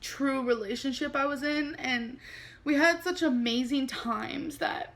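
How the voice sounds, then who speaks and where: A young adult woman telling a personal story on her vlog, speaking candidly and haltingly with many fillers. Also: high-pitched, a bit bright. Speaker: vlogger.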